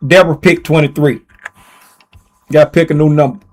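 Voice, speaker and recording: A livestream host running a giveaway reads viewer names aloud in a playful, teasing way, repeating himself as he types them in. His voice is fairly high and steady in tone, and he talks a little fast.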